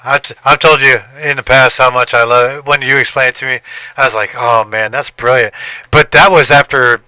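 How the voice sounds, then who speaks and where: A man's voice: mid-range voice, fairly even intonation, a little fast, bright, forceful tone, smooth, no echo. A middle-aged man hosting a casual podcast, telling stories animatedly and swearing casually. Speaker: podcast host. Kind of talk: casual chat.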